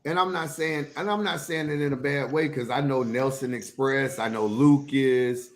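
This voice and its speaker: Man, podcast host, blunt and teasing, casual talk, mid pitch. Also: fairly even intonation, normal speed. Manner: blunt, teasing, reads out viewer comments. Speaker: CDL instructor, podcast host.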